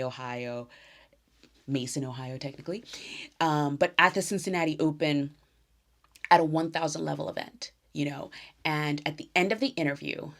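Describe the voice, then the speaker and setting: Chatty low-voiced woman podcaster. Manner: chatty and effusive, trails off into soft near-whispers. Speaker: podcast host. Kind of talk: casual solo tennis podcast.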